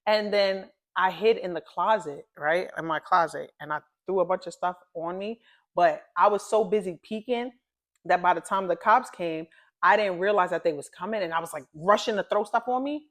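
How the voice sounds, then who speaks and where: A woman's voice: lowish voice, normal speed. A woman in her late thirties, co-hosting a podcast, telling a story in casual chat, laughing often and swearing. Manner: lively, laughs often, profane. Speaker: podcast co-host.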